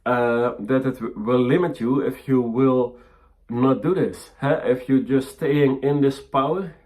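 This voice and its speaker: A man teaching about mediumship, speaking haltingly with many fillers and restarts, in a gentle, encouraging way. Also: mid-range voice, steady tone. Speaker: spiritual teacher.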